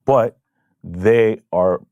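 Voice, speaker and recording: A man who hosts a podcast and manages artists, talking candidly and relaxed in a casual interview. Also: lowish voice, no room sound, muffled recording. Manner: relaxed, candid, swears, quick affirmations.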